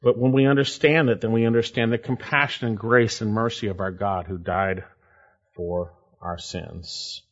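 A man preaching a sermon and reading scripture aloud, with emphatic swings in pitch and loudness. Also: moderate pace, lo-fi sound. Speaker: pastor.

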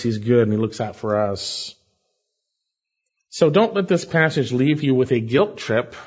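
A male pastor delivers an emphatic sermon, his voice rising sharply on the words he stresses. His tone is husky and mid-pitched. The recording is dull and lo-fi, like an old church tape. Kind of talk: expository sermon.

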